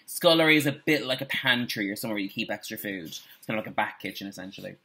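A male primary school teacher reads a children's storybook aloud, his voice bright and clear. He sounds lively and varied, and stops now and then for chatty asides. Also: on the low side, fast talker, few pauses. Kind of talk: reading a children's book aloud.

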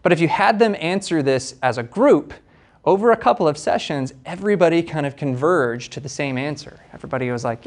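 A man's voice: on the high side, expressive, a little fast. A young man giving a casual university lecture in a conversational, hedging way, checking in with frequent tag questions.

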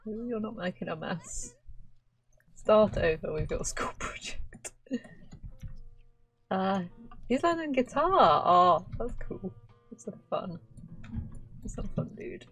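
A woman's voice: mid-range voice, lively intonation, slow pace, pauses often, fairly bright tone, husky, poor audio. A woman giving casual let's-play commentary. She chats to her game characters as she plays and laughs often. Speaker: gaming channel host.

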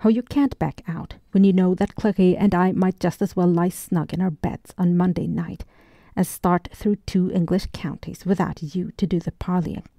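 A woman reading the lines of a blunt, hot-tempered male sea captain in an audiobook, in a gruff and brash manner. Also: on the low side, fairly even intonation, moderate pace, mellow, no echo, studio quality.

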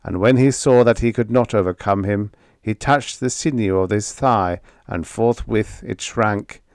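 An anguished, wounded space captain, as a male narrator puts him on in a storybook reading. He speaks slowly in a strained, grim tone with a lowish voice, recorded dry and close. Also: a little mellow, dry recording. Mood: grim intense.

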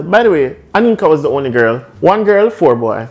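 A young man with a Jamaican accent telling a comic storytime, animated and laughing as he goes. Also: a little high, a little fast. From Caribbean. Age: young adult. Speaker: vlogger.

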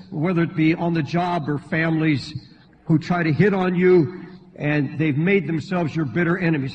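A man preaching a sermon to a church congregation, his voice leaping up in pitch and volume when he acts out pleading believers. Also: a little mellow, a little hiss or hum. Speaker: pastor. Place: church sanctuary. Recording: dull lo-fi sermon recording in a large reverberant hall.

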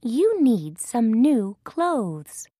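A woman's voice: a little high, big pitch swings, mellow, breathy edge, no room sound, clean studio sound, pitched above the performer's own voice, heavily acted. A woman reading a children's story, voicing a bossy, busy mouse. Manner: slow, instructing storybook delivery.

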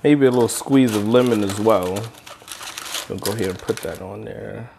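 Tasting food in his kitchen, this cooking vlogger speaks to viewers directly with chatty excitement. His voice is fairly low and creaky at a moderate pace, captured on a handheld mic amid background noise.

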